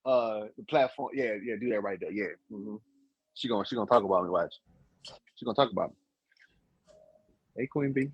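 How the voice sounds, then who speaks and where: A man hosting a live-stream talk show, chatting casually and joking with his co-host and the chat in a husky, laid-back voice. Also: fairly low pitch, a little fast, long pauses, no echo, dull audio.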